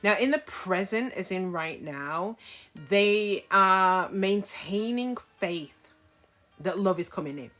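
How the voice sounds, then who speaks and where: A woman's voice: mid-range voice, animated, takes it slowly, fairly bright tone, faint music behind. A woman giving a casual tarot reading to camera, frank and chatty, often checking in with her listeners. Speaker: tarot reader.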